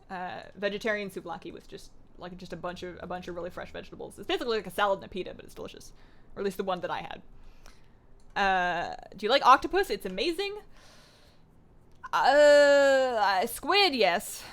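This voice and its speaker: A woman's voice: medium pitch, a bit bright. A young woman livestreaming a game, chatting casually and answering viewers in a bubbly, rambling way. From Greek heritage. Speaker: streamer. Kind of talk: casual livestream chat, reading chat aloud.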